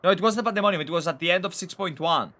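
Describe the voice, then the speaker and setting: A man's voice: high-pitched, rapid-fire, sharp tone. Boisterous man gaming. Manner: boisterous, profane, reads game dialogue aloud. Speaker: gaming channel host. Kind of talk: casual let's-play commentary.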